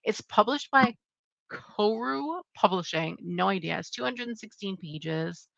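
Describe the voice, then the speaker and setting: A woman's voice: medium pitch, expressive, unhurried, vocal fry, a bit bright, no echo. A young adult woman hosting her channel, casually chatting through upcoming book releases in a rambling way with lots of fillers. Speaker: channel host. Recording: dull lo-fi sound.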